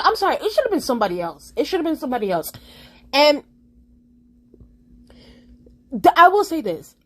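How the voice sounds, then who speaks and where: A young woman vlogger rambles through a casual opinion vlog, frequently restarting her sentences. Her pitch swings animatedly as she talks.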